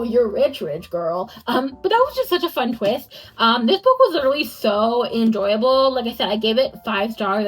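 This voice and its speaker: A woman's voice: fairly high pitch, husky, poor audio. A young woman talking through a book review in a casual vlog, chatty and full of "like" and "um". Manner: chatty, many fillers like "like" and "um".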